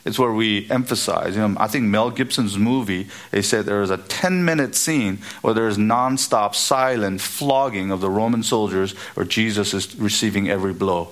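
A man preaching an expository sermon, emphatic and building to high, repeated exhortations. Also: normal speed, hardly any pauses, fairly bright tone.

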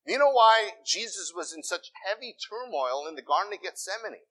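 Middle-aged male pastor, conversational sermon delivery, higher voice with a bright edge. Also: animated, normal speed, low-quality recording. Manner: conversational preaching with asides and self-corrections.

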